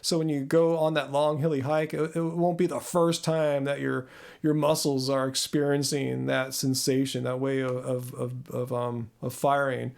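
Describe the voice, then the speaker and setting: A man's voice: medium pitch, level tone, moderate pace, gravelly, a little mellow. A man in his thirties hosting a casual live-stream Q&A, rambling and self-deprecating as he answers viewers. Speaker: host.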